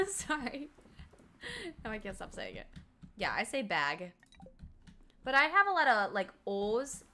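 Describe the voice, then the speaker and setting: Bright-voiced chatty young woman streamer. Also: medium pitch, slight background noise. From Colorado, United States. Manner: chatty, laughs often, reads chat aloud and answers. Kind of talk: casual chat while gaming.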